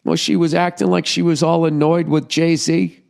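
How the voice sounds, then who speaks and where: A man's voice: fairly high pitch, level tone, normal speed, gravelly, a little mellow. A middle-aged man hosting a podcast, ranting sarcastically through a profane comedic monologue. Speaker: podcast host.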